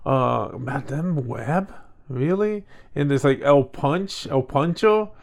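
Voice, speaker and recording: This man co-hosts a casual chat show podcast, speaking slowly in a fairly high voice with lively intonation and vocal fry. His talk wanders, full of restarts and filler words.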